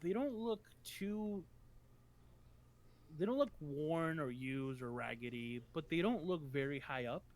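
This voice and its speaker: A man's voice: fairly high pitch, lively intonation, measured pace. A man narrating as game master for a tabletop game, rambling with many ums and restarts.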